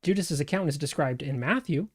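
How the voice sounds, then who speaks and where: Co-host guy, slightly high voice, calm steady reading. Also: brisk, slightly rough. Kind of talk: casual discussion and scripture reading.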